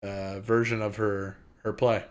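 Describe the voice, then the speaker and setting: A man co-hosting a podcast, chatting about comic chapters in a relaxed, easygoing way. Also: on the low side, unhurried, clear, resonant tone. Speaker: podcast co-host. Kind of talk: casual manga review chat.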